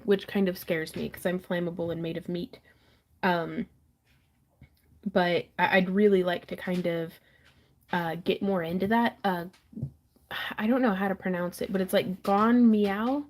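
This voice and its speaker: A woman's voice: lowish voice, a little mellow. Giggly woman hosting a live auction. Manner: giggly, self-deprecating, chatty. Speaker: host of a live jewelry auction stream. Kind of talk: casual live-stream chat.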